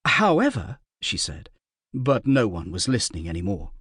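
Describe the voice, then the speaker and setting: A man narrating a fantasy audiobook in a wry, measured storytelling manner. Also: sits low, expressive, breathy edge, no room sound, clean studio sound.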